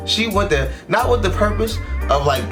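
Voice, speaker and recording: A young man hosting an anime reaction, talking back at the screen in loose, slangy, excitable commentary. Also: sits high, moderate pace, music in the background.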